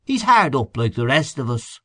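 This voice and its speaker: A man's voice: medium pitch, very animated, normal speed, fairly bright tone, no echo, pitched above the performer's own voice. A man voicing a mild, doubtful canvasser in an audiobook reading, speaking hesitantly. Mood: weary. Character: weary, doubtful middle-aged canvasser. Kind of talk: audiobook character voice.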